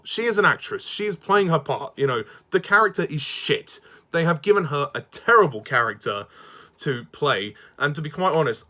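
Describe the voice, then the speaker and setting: A man's voice: medium pitch, pushed and bright. A man delivering an exasperated ranting review monologue, swearing and sighing often. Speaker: fan reviewer.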